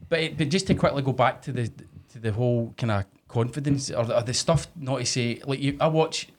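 Rambling Scottish man, mid-pitched. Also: brisk. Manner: chatty, rambling, opinionated. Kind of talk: casual podcast chat.

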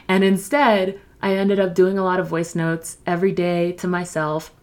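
A woman's voice: fairly low pitch, flat delivery, moderate pace. Candid woman on a solo podcast. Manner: candid and confessional, acting out her own past thoughts. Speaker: podcast host, doula and coach.

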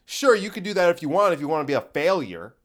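A young man hosting a solo podcast, talking in an excitable, profane, rambling pep-talk manner. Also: on the high side, quick pace. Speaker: podcast host and stand-up comedian. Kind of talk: casual solo podcast monologue.

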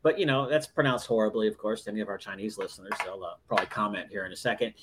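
A man's voice: lowish voice, very fast. A man co-hosting a casual chat podcast, rambling and thinking aloud with many fillers. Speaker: podcast co-host.

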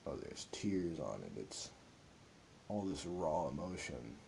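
A man's voice: rumbling low, very animated, slow, gravelly, warm tone, a little hiss or hum. A young man hosting a podcast, talking alone in an earnest, rambling, reflective way with many filler words. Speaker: podcast host. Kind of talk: reflective solo podcast monologue.

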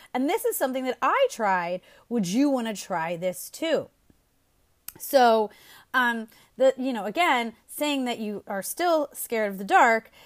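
A woman hosting a casual parenting advice show, chatty and upbeat, often laughing as she talks. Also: on the high side. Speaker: host.

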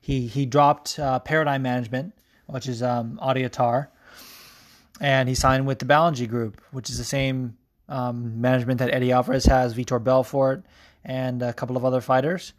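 A man's voice: medium pitch, level tone, normal speed. A young man hosting a podcast, chatting casually through sports news with lots of ums, restarts and offhand swearing. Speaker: podcast host.

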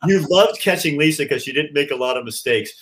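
A man's voice: fairly high pitch, fast, crowd noise. A man who once anchored TV news, telling anecdotes in a casual chat. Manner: lively, laughing anecdote teller.

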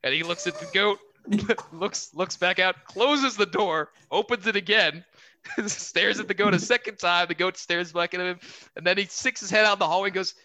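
A young man in his twenties, a podcast guest on a remote call, telling an animated story with casual swearing and acted-out quotes. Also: sits high, moderate pace. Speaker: podcast guest, Air Force officer.

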